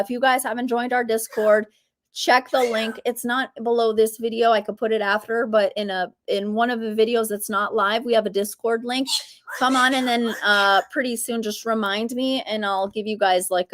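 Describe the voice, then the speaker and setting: A woman's voice: on the high side, a bit bright. A woman hosting a casual live Q&A, reading viewer comments aloud and chatting freely. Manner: chatty, reads viewer comments aloud, coos at her bird. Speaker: livestream host.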